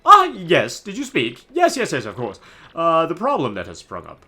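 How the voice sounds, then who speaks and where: A man's voice: on the high side, wildly swooping pitch, moderate pace, pushed and bright, husky, faint music behind, pitched above the performer's own voice, heavily acted. A man putting on a pompous, flowery rich merchant. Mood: boastful. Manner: theatrical, boastful, flowery speech. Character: pompous vain rich male merchant, grandiose. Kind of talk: reading game dialogue aloud in voices.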